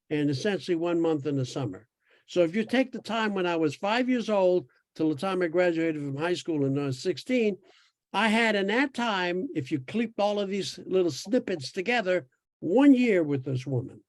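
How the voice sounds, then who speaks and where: A man's voice: high voice, dry recording, studio quality. A man in his eighties from New York, telling stories in casual conversation, rambling with restarts and laughs. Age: 80s. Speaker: podcast guest sharing his experience.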